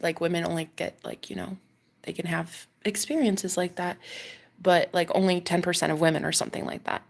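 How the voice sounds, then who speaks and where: A woman's voice: fairly low pitch, creaky. A woman with a Welsh accent, a love coach talking openly in a rambling confessional monologue, full of restarts and laughs. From Wales.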